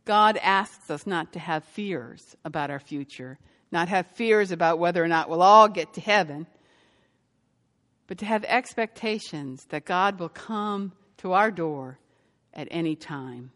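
A woman pastor giving a sermon and telling a story, growing lively as she recounts it. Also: on the low side, unhurried, long reverb tail. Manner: storytelling, lively when quoting.

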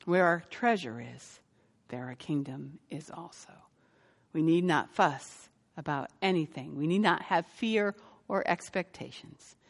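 A woman's voice: sits low, unhurried, gravelly. Woman preaching in a reverberant hall. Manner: storytelling, lively when quoting. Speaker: pastor. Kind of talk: sermon.

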